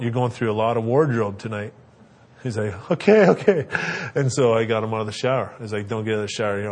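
He's a dad in his thirties with relaxed family anecdotes and advice on raising kids. He tells them with lots of animation, putting on squeaky high-pitched voices to play his kids.

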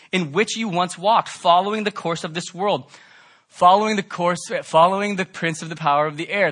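A man preaching a sermon, fervent and emphatic, rising to loud peaks and dropping to soft, pleading tones. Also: a little high. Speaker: pastor.

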